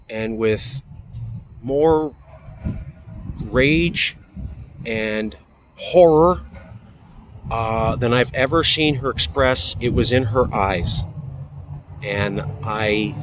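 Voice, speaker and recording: A man in his forties from California tells a story outdoors, in a halting, emphatic way that sinks to a near whisper at moments. His voice sits at an ordinary middle pitch. Loud traffic and street noise run steadily behind him. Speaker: political activist. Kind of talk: personal storytelling.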